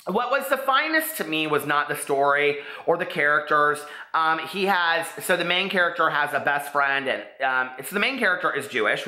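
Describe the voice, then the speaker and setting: A man's voice: on the high side, pushed and bright. Gushing, chatty man in echoey room. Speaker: booktube host. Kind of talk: casual book review vlog.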